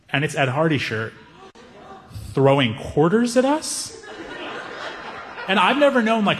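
A man telling a stand-up story, animated, acting out the people in it. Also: high-pitched. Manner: animated, acts out characters. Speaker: stand-up comedian. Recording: echoey hall reverb.

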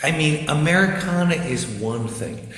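A man's voice: fairly high pitch, expressive, a little slow, fairly bright tone. A man joining a radio show as a guest over a video call, wry and amused. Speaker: guest commentator. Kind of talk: casual on-air chat. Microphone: remote video call. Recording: roomy video call audio, faint noise.

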